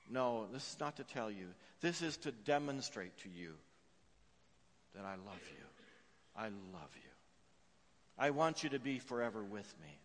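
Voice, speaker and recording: A man preaching a sermon as pastor, telling a story with frequent "uh" fillers and swinging between hushed and emphatic delivery. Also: mid-range voice, sing-song, moderate pace. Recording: long reverb of a large hall.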